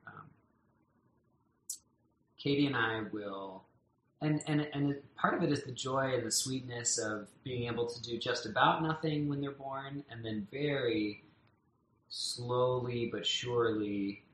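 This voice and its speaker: A man talking warmly and at length about his young daughter, tender and rambling with many restarts and fillers. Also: medium pitch, measured pace, echoey room, rough recording. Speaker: parent being interviewed. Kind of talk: casual heartfelt conversation. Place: home in a loud neighborhood.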